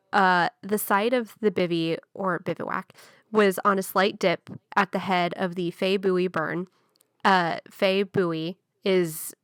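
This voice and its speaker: Young woman podcaster, low smooth voice, chatty storyteller, dry close mic. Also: fairly bright tone, dry recording. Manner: chatty, hedging with fillers.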